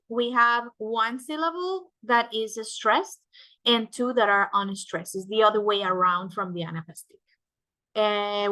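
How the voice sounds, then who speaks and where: A woman's voice: a little high, sharp tone. A woman, a native Spanish speaker, giving a classroom lecture and explaining step by step, often asking "right?" to check understanding. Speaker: teacher.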